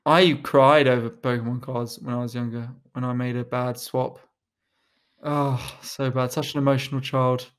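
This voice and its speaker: A man's voice: mid-range voice, flat delivery, moderate pace, smooth. Young guy on a podcast, jokey, swears a lot, does little voices for stories. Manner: joking, swearing, acts out quotes. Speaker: podcast co-host. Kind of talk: casual chat.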